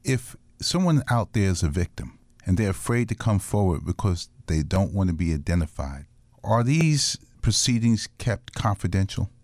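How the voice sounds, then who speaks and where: A man's voice: deep voice, big pitch swings, normal speed, a little mellow, no echo. A man hosting a talk radio show, asking questions plainly and wrapping up the segment.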